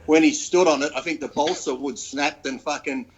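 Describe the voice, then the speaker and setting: A man's voice: on the high side, steady tone, normal speed, highs cut off, a crowd in the background. A man, a crude guest who laughs through his stories in a casual chat.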